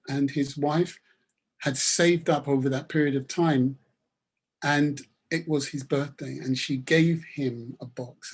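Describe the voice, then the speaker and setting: A man's voice: on the high side, darkish tone, husky. A man giving a webinar talk and telling a story in an emphatic, repetitive manner. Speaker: webinar speaker.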